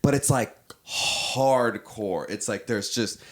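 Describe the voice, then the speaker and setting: Male podcast host, low voice, animated and jokey, casual. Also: slow. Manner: animated, acts out movie scenes in silly voices. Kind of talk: casual comedic chat.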